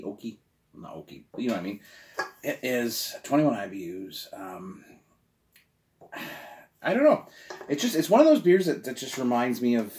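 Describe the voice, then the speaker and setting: A man reviewing beer in a casual vlog, enthusiastic, swinging from quiet murmurs to loud exclamations. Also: lowish voice.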